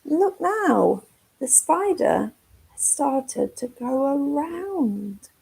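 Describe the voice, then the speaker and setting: Woman, children's nature-group leader; gentle sing-song story reading for toddlers, slightly high, gravelly and husky. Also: very animated, drawn-out words, low-quality recording. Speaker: forest school leader. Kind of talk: reading a picture book to toddlers. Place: at home.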